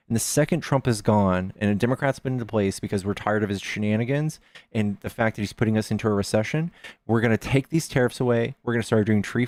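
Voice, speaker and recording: A man's voice: lowish voice, darkish tone, dry recording. A man hosting a live debate stream, arguing hard, swearing and firing off rhetorical questions. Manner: argumentative, profane, fires rhetorical questions.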